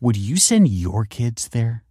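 A man's voice: mid-range voice, big pitch swings, takes it slowly, warm tone, slightly rough, no room sound, clean studio sound, full character voice. A man reading a story aloud and voicing a defiant, foul-mouthed teenage schoolgirl with sarcastic, insolent lines.

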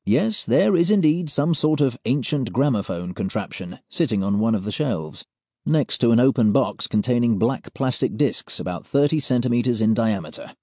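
A man reading a first-person story aloud in a wry, deadpan way, close to a studio mic. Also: medium pitch, normal speed, dry recording. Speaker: audiobook narrator. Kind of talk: scripted first-person narration.

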